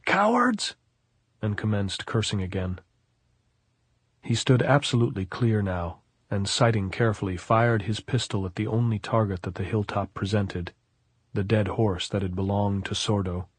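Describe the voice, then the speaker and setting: Low, husky male audiobook narrator. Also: normal speed, no echo. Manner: steady, even storytelling. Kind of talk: scripted narration.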